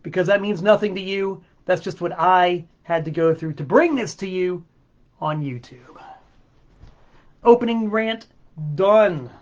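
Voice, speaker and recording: Man, livestream host, exasperated rant, sarcastic, swearing, slightly high voice, muffled webcam sound. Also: moderate pace. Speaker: host of a music livestream show. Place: home studio with a backdrop. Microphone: webcam mic.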